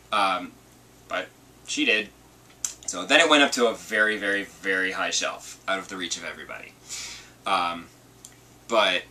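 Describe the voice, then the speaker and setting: A man hosting a video podcast, telling a story in a chatty, animated way. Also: fairly low pitch, distant mic. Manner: chatty and animated, acts out quotes. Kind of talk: casual storytelling vlog.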